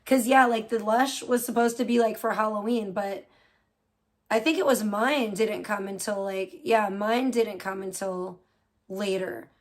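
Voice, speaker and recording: A woman's voice: mid-range voice, fairly even intonation, a little slow. A young woman chatting casually on a late-night livestream, rambling with lots of fillers and casual swearing. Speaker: live streamer.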